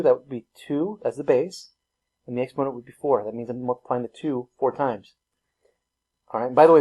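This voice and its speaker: A man's voice: mid-range voice, darkish tone. Man, math teacher, recorded lesson, casual, self-teasing, talks through each step. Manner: casual, self-deprecating, laughs at himself.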